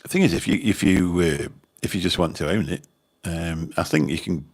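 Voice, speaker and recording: Birmingham man, livestream host, husky deep voice, meandering casual chat. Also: normal speed. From Birmingham, England. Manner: rambling, chatty, mild swearing. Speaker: channel host chatting with viewers.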